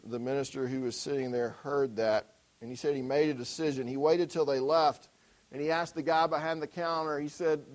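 A preacher telling a story to his congregation in a lively storytelling manner, acting out the characters. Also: mid-range voice, normal speed, rough recording. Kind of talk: sermon illustration storytelling.

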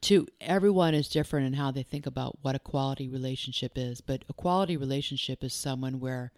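A woman's voice: rumbling low, fast, a little mellow, dry recording. A woman who works as a life coach and hosts a podcast. She talks earnestly and directly, firing off strings of probing questions and repeating key phrases for emphasis.

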